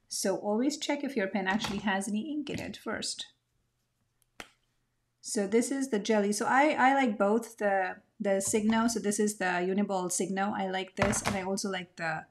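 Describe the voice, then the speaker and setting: A woman's voice: medium pitch, a little mellow, a little hiss or hum. A woman teaching a mixed media art lesson, talking reflectively as she draws and often searching for her words. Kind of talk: craft tutorial narration.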